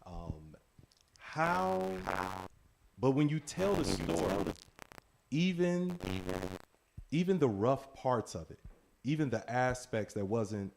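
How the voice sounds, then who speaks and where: A man's voice: medium pitch, very animated, takes it slowly, vocal fry, pauses often. A man as guest host, chatting upbeat with a storyteller on stage. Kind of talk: casual on-stage chat with guest. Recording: live audience and noise.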